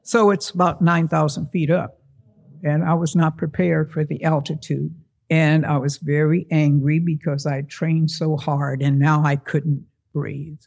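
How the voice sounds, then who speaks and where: A man with a slightly higher-than-usual voice and a gravelly texture tells a personal story to a live audience. He is animated and acts out the other voices in the tale. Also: measured pace.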